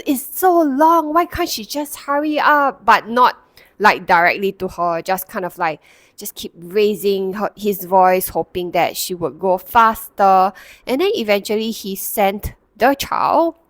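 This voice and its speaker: A woman's voice: medium pitch, dry recording. A woman, a counsellor and Reiki practitioner, telling a personal story to the camera in a reflective way, with many fillers and restarts.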